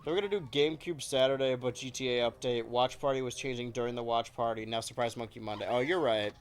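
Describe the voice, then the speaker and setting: A man's voice: medium pitch, fast, clear, resonant tone. A man casually commenting as he plays a video game on stream, joking with his chat. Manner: joking, animated, talking to chat while playing.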